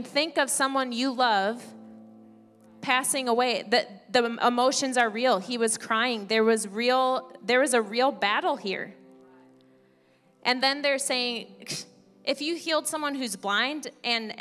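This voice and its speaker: A woman pastor preaching a sermon, reading scripture aloud and explaining it conversationally. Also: fairly high pitch. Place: church sanctuary. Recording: church hall reverb with soft music.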